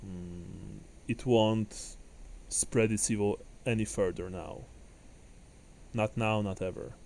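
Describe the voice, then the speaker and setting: A man voicing a solemn male city official who speaks in a measured, formal and grave way. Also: lowish voice, fairly even intonation, gravelly, a little mellow.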